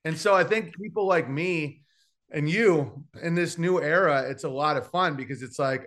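A man's voice: on the high side, moderate pace, fairly bright tone. A man, a comedian guest on a podcast, telling brash stories in a rambling, filler-heavy way. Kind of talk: casual podcast chat.

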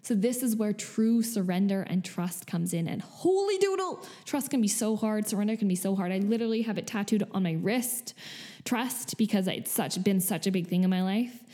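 A woman's voice: mid-range voice, moderate pace, mellow. A young woman hosting a podcast on her own, talking casually and with enthusiasm, now and then acting out the voices of other people. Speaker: podcast host. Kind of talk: casual spiritual podcast monologue.

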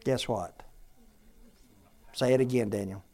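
Male preacher, mid-pitched, emphatic sermon delivery with loud and quiet swings. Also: measured pace, breathy edge.

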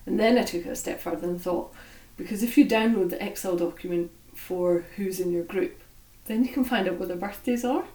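A woman with a Scottish accent co-hosting a podcast, speaking slowly and deliberately in a friendly, chatty way and laughing often. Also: mid-range voice, a little mellow. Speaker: podcast co-host. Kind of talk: casual podcast chat. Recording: roomy sound from a distant mic.

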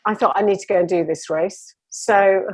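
A woman's voice: mid-range voice, fairly even intonation, normal speed, husky, no room sound. A woman telling her running story with enthusiasm, rambling a little as a guest in a conversation. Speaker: interview guest.

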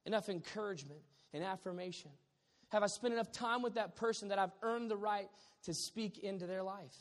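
A man in his thirties preaching a sermon as a pastor, animated and joking, with sudden loud bursts. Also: sits high, a little fast. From Southern California. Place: church sanctuary. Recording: long hall reverb.

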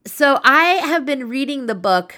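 A woman hosting her own podcast, talking straight to her listeners in a chatty, animated way. Her voice is bright and sits a little high, and she laughs easily as she goes. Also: measured pace. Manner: chatty, animated, laughs while telling a story. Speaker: podcast host. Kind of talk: casual storytelling monologue.

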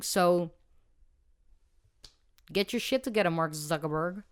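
A man co-hosting a podcast in a studio, chatting in an animated way, swearing freely and laughing often. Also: sits high, normal speed, long pauses, clear, resonant tone. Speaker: podcast co-host. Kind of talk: casual podcast chat.

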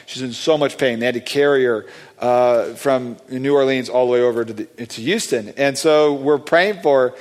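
A man excitedly telling a testimony story about praying for people, rambling with many fillers and restarts. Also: mid-range voice, normal speed. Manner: animated, acts out quoted voices. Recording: long hall reverb.

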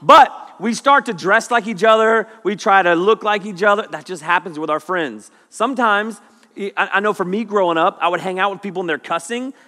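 A middle-aged man preaching and telling jokes as a youth pastor, full of animated stories. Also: sits high, brisk. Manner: animated, joking storyteller. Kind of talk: sermon. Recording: long hall reverb.

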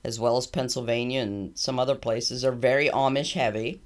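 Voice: mid-range voice, moderate pace. Jokey podcast co-host saying "y'all". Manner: relaxed, jokey, uses "y'all" and "baby". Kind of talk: casual podcast chat.

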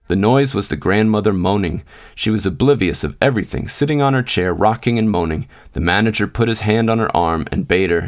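A man reading a short story aloud in a measured, unhurried narration. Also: on the low side, lively intonation. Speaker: podcast host and reader. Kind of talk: scripted narration.

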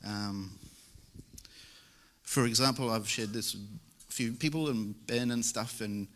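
A man's voice: mid-range voice, unhurried, a bit bright. A young man preaching a church sermon in a casual, joking way. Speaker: lay preacher. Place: church service.

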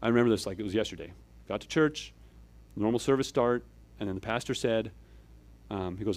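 In a lowish voice, a church elder gives a conversational sermon at a brisk clip broken by long pauses. He explains each step, keeps asking "okay?" and "right?", and alternates louder emphatic moments with quiet asides.

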